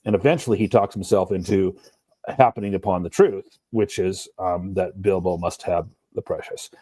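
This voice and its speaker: A man co-hosting a podcast, talking through a book in a thoughtful, measured way. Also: low voice, steady tone, warm tone, husky, no echo. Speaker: podcast co-host. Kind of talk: casual book discussion.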